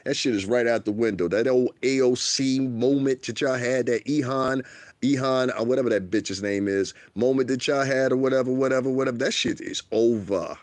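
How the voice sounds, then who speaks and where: A man's voice: medium pitch, moderate pace, no room sound. A man giving a blunt, profane livestream rant, heated and rambling, repeating himself as he goes. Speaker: livestreamer and commentator.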